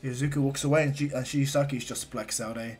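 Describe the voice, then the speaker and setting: A man's voice: medium pitch, fairly even intonation, fast, a little mellow, husky. A man casually retelling a fan story, rambling with lots of fillers and restarts.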